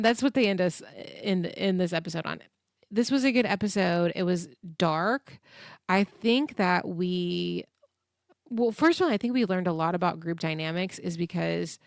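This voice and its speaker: A woman's voice: fairly low pitch, no room sound, clean studio sound. A woman hosting a podcast, chatting casually as she recaps a TV episode, full of "like" and acted-out quotes. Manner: chatty, filler-heavy, acts out quotes. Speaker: podcast host.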